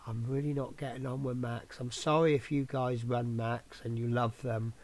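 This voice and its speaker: A man's voice: mid-range voice, flat delivery, normal speed, darkish tone. A man hosting his own scale model channel, giving a rambling, chatty update full of ums. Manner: rambling, filler-heavy, chatty.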